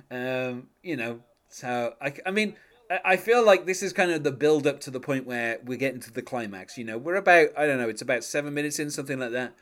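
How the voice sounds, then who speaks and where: A man's voice: animated, fairly quick, fairly bright tone. An English man co-hosting a casual music chat, talking in a wry, chatty way and laughing often. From England. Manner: chatty, wry, laughs often, quotes lyrics in a low murmur. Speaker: podcast co-host.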